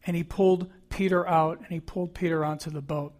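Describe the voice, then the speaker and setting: Guy pastor preaching, chatty storytelling, fairly high voice. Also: fairly even intonation, brisk, darkish tone. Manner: conversational storytelling. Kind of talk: sermon.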